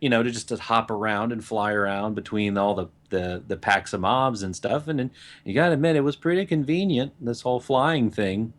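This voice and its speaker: A man's voice: medium pitch, a little fast. A man co-hosting a casual gaming podcast, chiming in with teasing and short affirmations. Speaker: podcast co-host.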